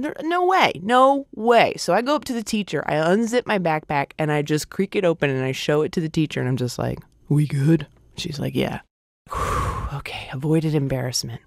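A woman's voice: low-pitched, no room sound, studio quality. Comic woman telling a story. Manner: acts out characters in loud squealing voices. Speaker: comedian. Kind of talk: stand-up storytelling.

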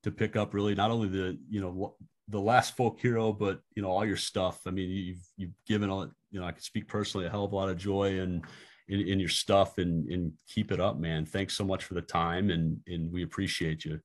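Podcast host guy, lowish voice, rambles around, loose and chatty. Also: flat delivery, a little fast. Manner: rambling, full of fillers and restarts. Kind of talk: casual interview chat.

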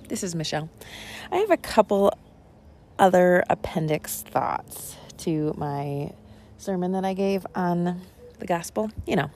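A woman pastor with a low, gravelly voice talks through her sermon afterward. She rambles conversationally, full of small fillers and side remarks, thinking aloud rather than preaching. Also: darkish tone. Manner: rambling and conversational, with frequent ums and asides. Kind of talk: casual spoken reflection on a sermon.

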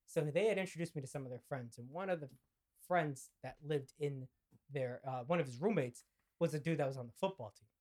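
Young man telling an animated party story. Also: on the high side, a little fast. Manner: animated, acts out quoted lines, laughs mid-story, swears casually. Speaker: podcast co-host. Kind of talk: casual storytelling chat.

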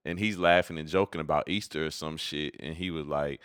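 A man's voice: very deep voice, fairly even intonation, fairly quick, hardly any pauses, fairly bright tone, smooth, dry recording, studio quality. A man in casual conversation, telling stories in a laid-back, slangy way. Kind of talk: casual chat.

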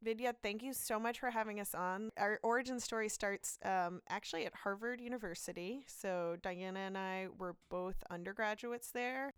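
Smooth-voiced woman telling stories with laughs. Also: medium pitch, normal speed, hardly any pauses, no echo, clean studio sound. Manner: animated, laughing, lively retelling. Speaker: physician and podcast co-host, guest. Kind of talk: casual interview storytelling.

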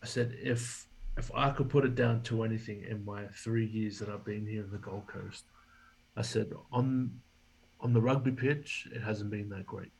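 A man's voice: fairly low pitch, fairly even intonation, normal speed, creaky, slightly rough, rough recording. A man, a guest in an interview, telling a story and acting out the dialogue he quotes. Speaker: podcast guest, former rugby league player.

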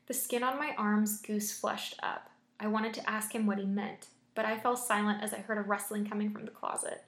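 A woman's voice: mid-range voice, flat delivery, moderate pace, few pauses, fairly bright tone. A young woman reading scary stories aloud and chatting about them between stories, using lots of fillers when she reacts. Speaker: story reader and host. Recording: roomy echo.

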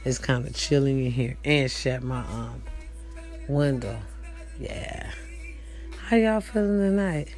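A woman's voice: very deep voice, takes it slowly, pauses often, a little mellow, soft background music. A woman hosting a casual livestream from home, chatty and profane, talking straight to her viewers. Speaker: livestream host. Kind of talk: casual chat. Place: at home, indoors.

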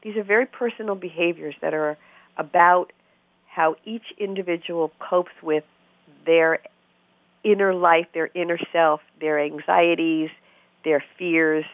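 Lively woman on a tinny line. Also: fairly low pitch, measured pace, no echo. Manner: animated storyteller who acts out quoted voices. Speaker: therapist guest. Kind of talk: conversational interview. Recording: dry phone-like narrow sound.

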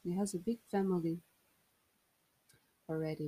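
Portuguese woman vlogger, unhurried, jokey and giggly, mid pitch. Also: animated, darkish tone, husky. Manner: playful, jokey, laughs often. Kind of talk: casual solo monologue.

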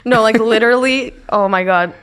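A woman hosting a podcast in casual chat, telling stories in an animated, gossipy way. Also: on the high side, normal speed, smooth. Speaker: podcast host.

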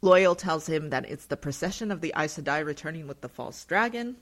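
Podcast co-host, woman, chatty recap delivery, lively swooping pitch, loose and filler-heavy. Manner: chatty, lots of fillers, quick laughs. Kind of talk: casual chat recap.

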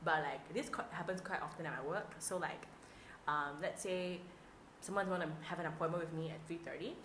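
A woman, co-hosting a casual podcast and telling stories in an animated way, acting out the dialogue and swearing freely. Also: fairly low pitch, brisk, a little hiss or hum. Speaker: podcast co-host. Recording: roomy echo.

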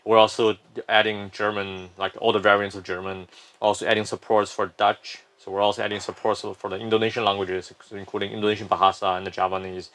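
A man's voice: on the low side, a bit bright. A man, a company founder, explaining his firm at length in a casual interview, often restarting sentences.

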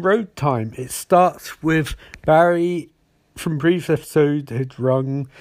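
A man hosting a podcast, casually recapping a TV episode and acting out the characters' lines in quick put-on voices. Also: a little high, darkish tone. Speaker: podcast host.

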